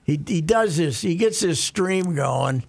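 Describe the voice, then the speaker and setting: Gravelly husky older guy rambling on a talk show, voice goes up and down a lot. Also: on the high side, lively intonation, unhurried, no room sound. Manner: rambling, many restarts. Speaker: co-host. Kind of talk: casual chat.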